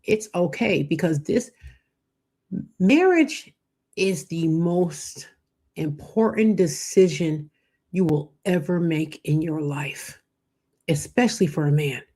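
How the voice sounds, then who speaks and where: Husky-voiced woman preaching about marriage. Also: fairly low pitch. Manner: preachy, animated, acts out quoted voices. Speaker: show host. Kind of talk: live faith-based talk on marriage.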